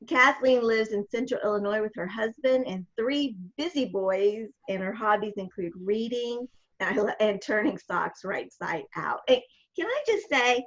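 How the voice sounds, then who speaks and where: A woman's voice: on the high side, lively intonation, unhurried, fairly bright tone, lo-fi sound. A woman with a regional American accent, co-hosting a video chat and introducing guests in an enthusiastic, chatty way that drifts off topic. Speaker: podcast co-host.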